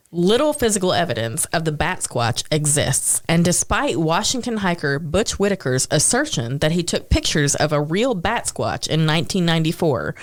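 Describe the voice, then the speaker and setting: A woman co-hosting a paranormal podcast, reading out odd stories in a wry, laughing way. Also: low voice. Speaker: podcast co-host. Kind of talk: casual chat reading out stories.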